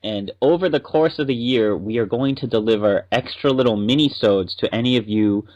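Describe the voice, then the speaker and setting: A man's voice: medium pitch, a little fast, darkish tone. Chatty male podcast co-host, muffled. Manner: chatty and explanatory. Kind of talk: casual podcast chat.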